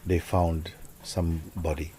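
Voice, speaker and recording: A man, a spiritual teacher, telling a story to listeners in a reflective, soft-spoken way that often sinks almost to a whisper. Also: low-pitched, level tone, measured pace, a little hiss or hum.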